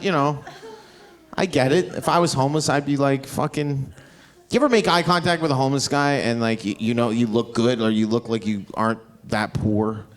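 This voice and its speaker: A man from Canada doing stand-up crowd work on a club stage, brash and profane. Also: medium pitch. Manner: brash, profane, swings into mocking put-on voices. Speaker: stand-up comedian. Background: audience laughter.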